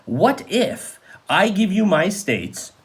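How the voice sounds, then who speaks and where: A man's voice: sits high, sing-song, takes it slowly, voice pushed up, full character voice. A man voicing a scheming politician's coaxing offer.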